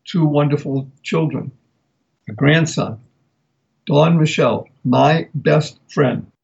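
An older man hosting a live talk radio show, speaking slowly and deliberately and spelling words out for emphasis. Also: a little high, creaky, a little mellow, muffled recording.

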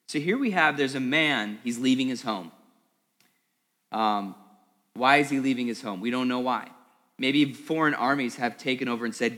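A male pastor preaches at a church service held in a school hall, his mid-range, slightly bright voice at normal speed. He's conversational and vivid, often repeating words as he tells a story, with long hall reverb in the recording.

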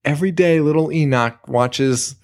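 A man's voice: fairly high pitch, normal speed. A man co-hosting a podcast, casually recapping a horror episode, joking, swearing and laughing often. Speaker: podcast co-host.

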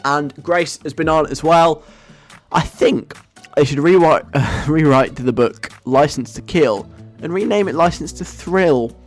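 Playful rambling radio host. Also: male voice, a little high, unhurried, soft background music. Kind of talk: casual radio chat.

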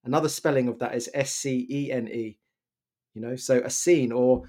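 A man's voice: mid-range voice, fairly even intonation, moderate pace, dark tone. A man, a guest on a podcast, explaining his ideas earnestly and piling up example after example. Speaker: guest author. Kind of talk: podcast conversation.

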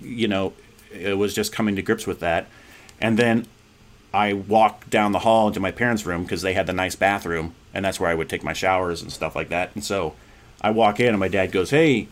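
Low-voiced man telling a candid story. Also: steady tone, a little fast. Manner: rambling, candid, laughs often, drifts quiet and reflective. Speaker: podcast co-host telling a personal story. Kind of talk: casual storytelling.

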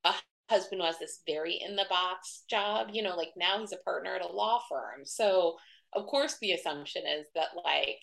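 A woman's voice: lowish voice, moderate pace, creaky, fairly bright tone, poor audio. A woman in her thirties, a guest telling stories in a casual interview, talking in a chatty way with many fillers and acting out the voices of people she quotes. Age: 30s. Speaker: guest, wedding website publisher.

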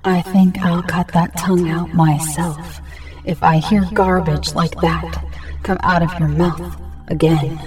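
Guy doing a sneering painting villain, slow drawling threats, music underneath. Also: fairly high pitch, steady tone, darkish tone. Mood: menacing. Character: menacing painted man come to life, cruel and vain. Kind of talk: horror story acting.

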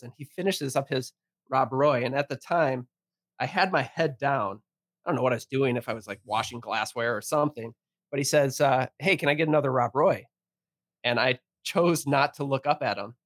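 A man's voice: medium pitch, no echo, studio quality. A man in his thirties, a bartender guest telling a story casually, acting out the voices in it and laughing often. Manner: animated storyteller, acts out quotes, laughs often.

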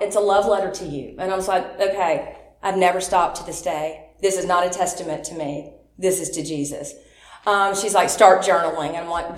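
A middle-aged woman sharing a personal faith testimony, acting out her own quoted lines and laughing often. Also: medium pitch. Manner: animated storyteller who acts out quotes and laughs often. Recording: roomy echo, faint background noise.

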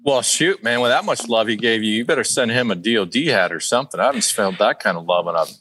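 A man guest on a podcast, giving measured advice with lots of fillers. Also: lowish voice, sharp tone, a little hiss or hum, low-quality recording. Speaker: guest hunting expert.

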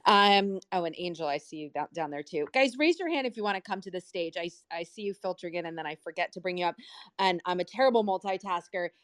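A woman's voice: lowish voice, animated, quick pace, a bit bright, clean tone, no room sound, studio quality. A woman in her forties hosting a motivational talk room, speaking earnestly in a rambling way with frequent restarts. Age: 40s. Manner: earnest, rambling, with self-corrections. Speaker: host of an audio room.

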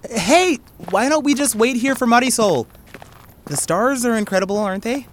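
A defensive, soft-spoken caretaker in an audio drama, played by a woman. The voice moves up and down a lot, and a clear hiss runs underneath. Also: on the high side, animated, moderate pace, natural voice. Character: defensive caretaker adult, trying hard.

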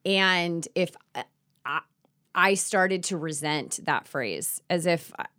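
A woman on a faith podcast speaking candidly about her own struggles, with halting restarts. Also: on the low side, bright, forceful tone. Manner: candid, personal, quick and halting. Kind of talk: faith-based podcast conversation.

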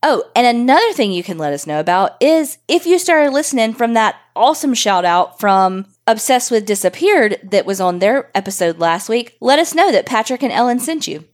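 A woman's voice: fairly high pitch, sing-song, normal speed, few pauses. Chatty, swearing woman podcast co-host. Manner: chatty, emphatic, swears freely. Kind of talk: casual chat.

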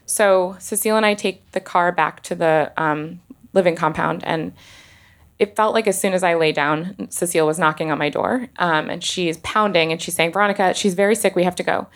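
A woman doctor telling a personal story on stage, halting and emotional, with many restarts and pauses. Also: lowish voice.

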